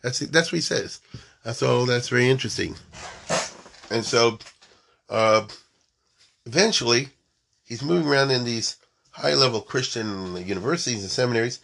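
A man's voice: mid-range voice, normal speed, creaky, long pauses, fairly bright tone. A man giving an informal storytelling lecture, mixing in Hebrew and Yiddish terms and often checking that his listeners follow.

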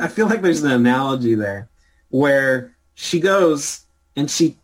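A man hosting a casual film chat, hesitant and halting, often breaking into laughter. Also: mid-range voice, poor audio.

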